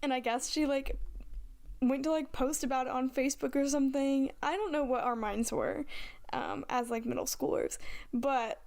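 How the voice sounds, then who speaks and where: A woman's voice: sits high, steady tone, normal speed, vocal fry, darkish tone. A woman in her twenties co-hosting a podcast, chatting casually and filling her talk with "like". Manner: chatty, heavy use of "like". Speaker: podcast co-host. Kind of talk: casual chat.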